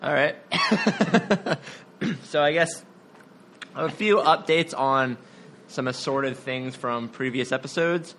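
A man's voice: a little high, slow pace, a bit bright, slight background noise. A man co-hosting a casual podcast, reading listener updates with dry humor. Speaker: podcast co-host.

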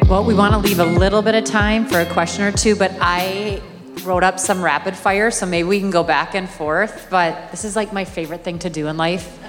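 A woman moderating a live panel, running a playful rapid-fire round in a casual, upbeat way. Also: on the low side, fairly even intonation, in a large hall, over music.

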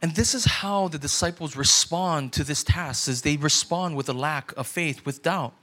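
A man's voice: a little high, normal speed, pushed and bright. A male pastor giving a conversational sermon, now and then acting out the doubting voices of his listeners.

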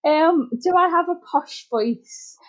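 Scouse woman guest, slow easy delivery, laughs a lot between thoughts. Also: very high-pitched. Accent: Liverpool (Scouse). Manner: giggly, laughs often, hesitant with fillers. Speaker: podcast guest, mortgage advisor. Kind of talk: casual interview chat.

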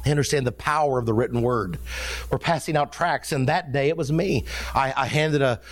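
A man preaching a sermon as a missionary, impassioned and climbing to high emphatic peaks. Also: a little fast.

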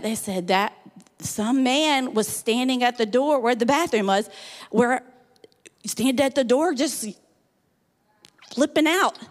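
A woman with a high voice gives a conversational sermon, talking in an animated, chatty way with lots of fillers. Her voice carries a long reverb from the hall she speaks in. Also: measured pace, pauses often. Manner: chatty and animated, many fillers like "like" and "you know". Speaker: guest speaker.

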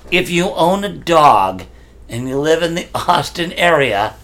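A man's voice: fairly high pitch, expressive, measured pace, fairly bright tone. A man, co-hosting a casual podcast chat, joking and teasing, swearing freely. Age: 50s. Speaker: podcast co-host.

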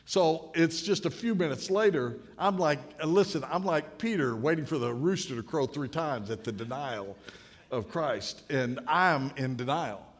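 A man's voice: on the high side, lively intonation, normal speed. Man, late 50s, storytelling preacher, folksy and humorous, long hall reverb. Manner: folksy, anecdotal, builds to punchlines. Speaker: speaker at a podium. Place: large hall with an audience.

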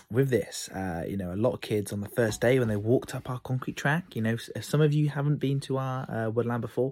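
With a fairly low voice, a man runs a laid-back solo podcast from his room. He works as an outdoor camp instructor and tells lively stories, performing the children's voices himself.

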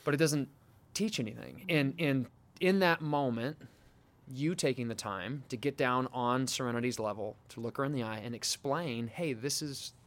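A man's voice: mid-range voice, moderate pace, fairly bright tone. A man hosting a podcast, speaking reflectively and affirming his guest with rhetorical questions. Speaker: podcast host. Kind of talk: casual podcast chat.

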